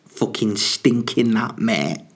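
A man with a slightly low voice rambles through a casual solo monologue, full of crude jokes and loose asides. He talks close to a desk microphone. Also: takes it slowly. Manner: crude, joking, rambling with fillers.

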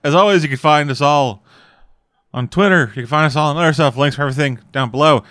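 A man's voice: a little high, quick pace, fairly bright tone, no echo. Male podcast co-host, rambling and foul-mouthed, laughs a lot. Dry, close sound. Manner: rambling, profane, laughs often. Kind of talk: casual chat.

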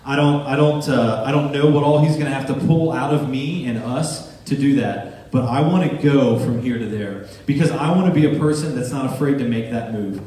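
A man's voice: mid-range voice, moderate pace, hardly any pauses, warm tone. A man preaching a sermon as pastor, talking plainly with humor and building emphasis. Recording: echoey church hall from far off, with guitar.

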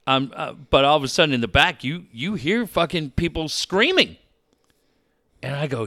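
A man's voice: a little high, moderate pace, dry recording, studio quality. A man telling stories in a casual chat, swearing often and acting out the people he quotes. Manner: profane, animated, acts out quoted people.

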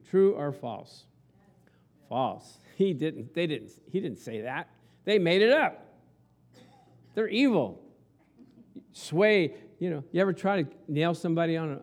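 A pastor delivers a relaxed, conversational sermon, talking to his congregation the way he would to friends. His voice sits a little on the high side for a man, and he keeps asking his listeners rhetorical questions as he goes. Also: normal speed.

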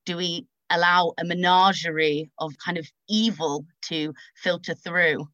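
A woman discussing ideas thoughtfully, pausing to search for the right words. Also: fairly low pitch, fairly even intonation, a bit bright, dry recording. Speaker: panelist. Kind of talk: casual discussion.

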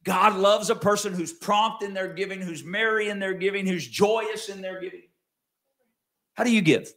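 A man preaching a sermon in a conversational way, slowing down and rising to stress key words, then dropping low for asides. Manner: conversational with wide swings in pitch and loudness, slows to stress key words. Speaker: pastor.

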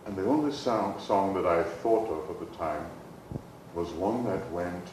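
Slow, soft-spoken man. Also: sits low, echoey room, noisy background. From Jamaica. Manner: soft-spoken, musing, with chuckles and self-mockery. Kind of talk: reflective personal storytelling.

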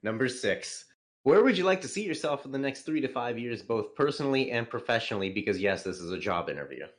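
A man hosting a casual podcast interview, reading out numbered questions in a relaxed, jokey way. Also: mid-range voice, fast talker. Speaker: podcast host.

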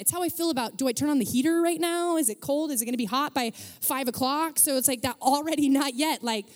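A woman's voice: high-pitched, fast. A young woman preaching a casual storytelling sermon, chatty and self-deprecating, with lots of filler words. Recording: long reverb of a large hall.

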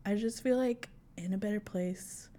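A woman's voice: medium pitch, moderate pace, mellow, a little hiss or hum. A young woman co-hosting a podcast in casual chat, rambling with many fillers. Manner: chatty, trailing off with "like". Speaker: podcast co-host.

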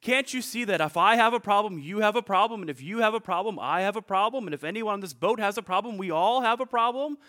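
A man's voice: high voice, huge pitch swings, normal speed, sharp tone, exaggerated voice. A man voicing a selfish young prince who grows frantic, read aloud as part of a story. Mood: panicked. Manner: haughty, then frantic and pleading. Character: proud young prince, selfish then panicking.

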